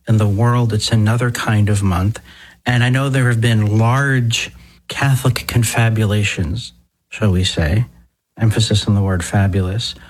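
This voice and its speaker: Husky-voiced priest hosting radio talk. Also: male voice, fairly low pitch, rough recording. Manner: deliberate, wry, emphatic with slow stressed words. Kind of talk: radio talk show monologue. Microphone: studio microphone.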